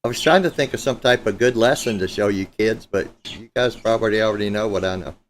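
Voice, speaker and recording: A man's voice: fairly low pitch, brisk, a little hiss or hum. A man hosting a live guitar stream, chatting loosely and joking with viewers, with a few profane asides. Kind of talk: casual live-stream chat. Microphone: streaming setup mic.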